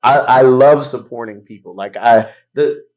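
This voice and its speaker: A man's voice: mid-range voice, normal speed, a little mellow. A man hosting a podcast in casual chat, supportive and affirming as he responds to his co-host. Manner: supportive, lots of affirming "yeah".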